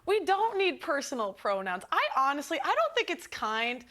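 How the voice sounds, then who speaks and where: Insistent high-voiced woman debating. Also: sing-song, moderate pace, sharp tone. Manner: insistent, repeats herself to hold the floor. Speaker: YouTube commentator, debate guest. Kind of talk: studio debate. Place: TV studio.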